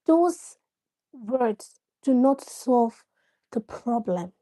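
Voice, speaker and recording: A woman's voice: on the high side, expressive, very slow, dark tone. A woman hosting a live stream, chatting with viewers, greeting them by name and explaining her points through examples. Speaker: live-stream host giving parenting advice. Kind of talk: casual live-stream talk.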